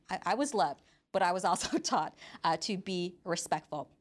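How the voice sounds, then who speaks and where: A young woman, a youth minister, preaching a lively sermon and acting out the voices of teens and parents. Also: on the low side, normal speed. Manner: animated, playful, acts out voices of teens and parents.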